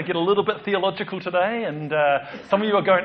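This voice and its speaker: A man's voice: high-pitched, quick pace, few pauses, lo-fi sound. A man preaching a casual, joking sermon as the church's pastor. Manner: chatty, joking, animated.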